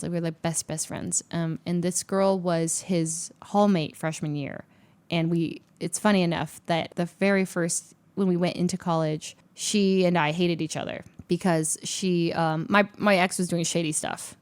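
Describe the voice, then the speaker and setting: A young adult woman, a streamer, telling a personal story in an animated, chatty way, full of fillers. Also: on the low side. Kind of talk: casual storytelling.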